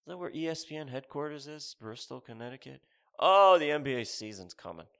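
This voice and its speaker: A man's voice: on the high side, expressive, fairly quick, creaky, a bit bright. A man in his thirties delivering a rambling, sarcastic, profane comedic rant as a podcast host.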